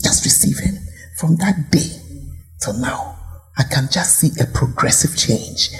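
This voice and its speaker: A Ghanaian woman pastor delivering a lively sermon with a lowish voice that swoops up and down. She fires questions at the congregation and sometimes sinks to a whisper. Soft music plays faintly behind her. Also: measured pace. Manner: animated preaching, rhetorical questions, dropping to whispers.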